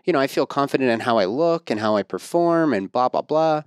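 A man in his thirties hosting a podcast interview, talking in a self-assured, animated way and pushing his pitch up for emphasis. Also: a little fast, clear, resonant tone, no echo, studio quality. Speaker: podcast host and fertility coach. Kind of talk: casual interview chat.

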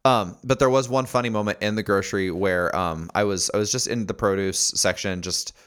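A man with a somewhat low voice tells stories on a casual podcast, wandering through ums and restarts. He acts out the people he describes, jumping up into their voices as he goes. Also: brisk, a bit bright, clean tone. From Los Angeles area resident. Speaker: podcast co-host. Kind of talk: casual chat, storytelling.

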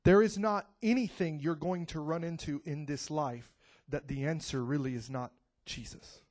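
A man preaching a lively sermon to his church, whooping and swinging between hushed lines and loud cries. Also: on the high side, moderate pace. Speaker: pastor.

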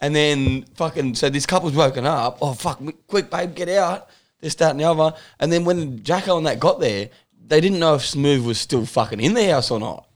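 A man's voice: fairly high pitch, a little fast. A man, joking and swearing casually among mates. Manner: crude, jokey, lively swearing.

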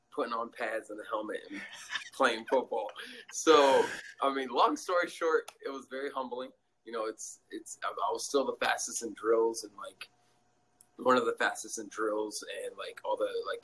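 A young male guest in a laid-back interview tells a story with lots of energy and laughter, doing quoted lines in a high voice. The recording is low quality, with a faint hiss or hum.

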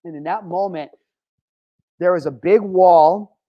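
A man's voice: sits high, measured pace, muffled recording. Swearing, emphatic man telling a story. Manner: emphatic, swears often, many restarts. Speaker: vlogger recounting a personal story. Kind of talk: casual storytelling to camera.

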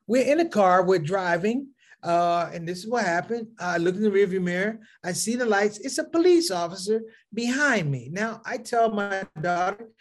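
A middle-aged man doing stand-up comedy, telling stories in an animated way and acting out characters. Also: high-pitched, normal speed, few pauses. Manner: animated storytelling, acts out characters.

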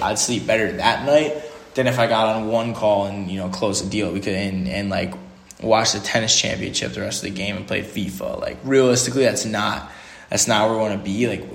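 A man's voice: lowish voice, creaky. A young man hosting a solo podcast, giving a rambling motivational monologue full of "like" and restarts. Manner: rambling, motivational, filler-heavy with lots of "like". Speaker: podcast host.

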